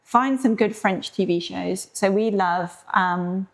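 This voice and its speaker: A middle-aged woman with a British accent and an everyday mid-range voice co-hosts a casual podcast. She chats in a friendly way and tells her stories in a relaxed, conversational flow. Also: medium pitch, slow pace. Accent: British English. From Britain. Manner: friendly, chatty storytelling. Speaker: podcast co-host. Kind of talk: casual chat.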